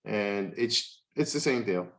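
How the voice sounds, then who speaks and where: A man in his fifties, a podcast host, telling stories in casual chat and acting out the voices of people he quotes. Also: slow. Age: 50s. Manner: animated, acts out quoted voices with big pitch jumps.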